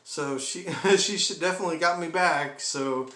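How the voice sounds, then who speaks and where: A man tells comic stories in a rambling, chuckling manner, full of exaggerated asides. His voice sits a little high, with room echo and clear steady noise behind. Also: normal speed. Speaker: comedy vlogger. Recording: echoey room with background noise.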